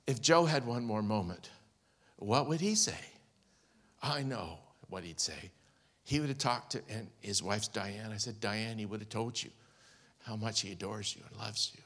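A man's voice: mid-range voice, fairly bright tone. A man preaching a sermon as pastor, telling a personal story with heartfelt, quoted speech. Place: large church hall. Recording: long church hall reverb.

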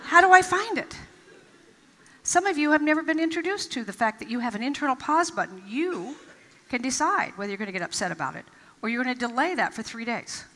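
A woman delivers an inspirational stage talk in a large event hall, her voice bright and fairly high. She tells personal stories and acts out quotes, leaning on emphatic pauses. Long reverb from the hall trails her words. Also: very animated. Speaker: motivational speaker.

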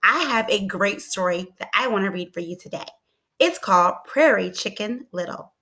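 A woman teacher reading a storybook aloud to children, expressive and asking them encouraging questions. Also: medium pitch, moderate pace. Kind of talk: storybook read-aloud lesson.

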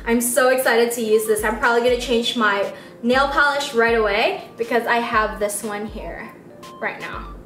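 A young woman with a high, squeaky voice gushes over each product in a chatty, excitable beauty vlog. Her voice rings in a roomy space and sounds a little distant from the mic. Faint music plays underneath. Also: normal speed. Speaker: beauty vlogger. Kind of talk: casual unboxing vlog.

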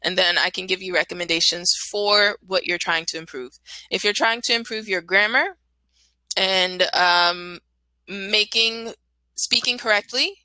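American woman, English teacher on a video call; bright voice, dry close sound, clear patient explanations. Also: medium pitch, no room sound, rough recording. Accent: General American. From Washington, D.C., United States. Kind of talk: online English lesson.

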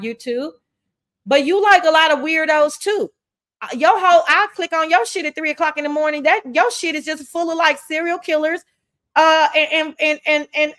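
A woman's voice: sits high, fairly bright tone. A woman host with a Southern accent, giving blunt, profane commentary in a casual chat.

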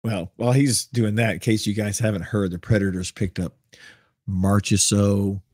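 A man's voice: lowish voice, steady tone, normal speed, darkish tone, dry recording, studio quality. A man co-hosting a podcast, giving short agreeing replies and chatting about hockey. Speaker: podcast co-host. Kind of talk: casual chat.

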